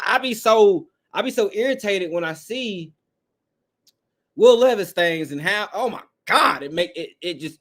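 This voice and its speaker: A man's voice: high voice, a bit bright. A man hosting a live fan call-in show, talking bluntly and profanely while reading chat comments. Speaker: podcast host.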